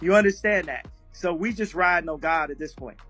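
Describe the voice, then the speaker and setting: A man's voice: on the high side, brisk, bright, forceful tone, soft background music. A man telling a story in a casual live chat, often breaking into laughter as he talks. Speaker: guest speaker on an audio chat room.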